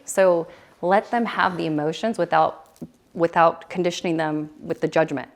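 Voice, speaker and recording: A woman's voice: on the low side, steady tone, moderate pace, vocal fry. A woman in her thirties giving a casual, rambling talk at a retreat, with many fillers and restarts. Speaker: retreat presenter. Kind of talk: casual talk to a small group. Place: retreat room.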